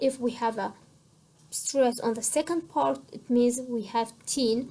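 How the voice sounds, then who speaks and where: A woman's voice: a little high, normal speed, warm tone. A Kurdish-accented woman teaching an English lesson, explaining rules over and over and switching between English and Kurdish. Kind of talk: bilingual classroom lesson.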